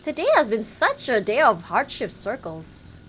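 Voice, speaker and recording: A woman's voice: on the high side, very animated, moderate pace. A woman casting a mobile esports match live, in a bubbly, playful way. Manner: bubbly, playful, self-teasing. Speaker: esports caster. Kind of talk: live game commentary. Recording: faint background noise.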